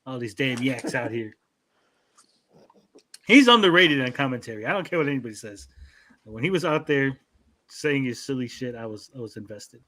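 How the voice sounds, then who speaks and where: A man in a casual podcast chat, tossing in quick joking asides and mock-polite impressions. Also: medium pitch, lively intonation, sharp tone. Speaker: podcast guest.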